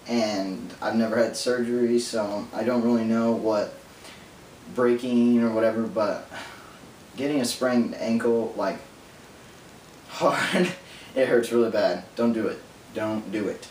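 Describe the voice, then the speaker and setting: A man vlogging alone in a casual, rambling monologue, talking fast and drifting into nerdy tangents. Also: mid-range voice, darkish tone. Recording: roomy echo from distance, faint hum.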